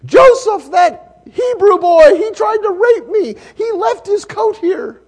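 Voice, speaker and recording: A male preacher voicing a scheming noble wife who screams a false accusation in a shrill falsetto. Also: expressive, slow, darkish tone, exaggerated voice. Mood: shrieking.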